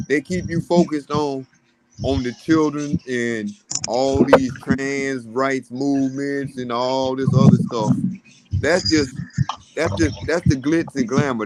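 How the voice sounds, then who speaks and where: A man's voice: medium pitch, very noisy. A man in casual conversation, blunt and opinionated, swearing freely. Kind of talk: casual chat.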